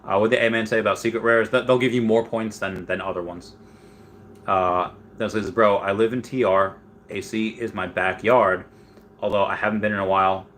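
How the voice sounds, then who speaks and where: A man hosting a casual livestream who rambles on, reads viewer comments aloud and breaks into loud, excited bursts. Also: lowish voice, fairly quick, a little hiss or hum. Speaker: livestream host.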